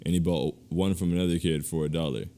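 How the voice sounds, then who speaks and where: A man co-hosting a casual podcast, ranting in animated, slangy bursts and laughing through his complaints. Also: very deep voice, quick pace. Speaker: podcast co-host.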